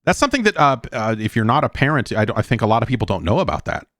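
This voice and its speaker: A man's voice: medium pitch, sing-song, rapid-fire, fairly bright tone, no echo, clean studio sound. A middle-aged man hosting a podcast, rambling casually and breaking into profane rants. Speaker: podcast host. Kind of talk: casual monologue.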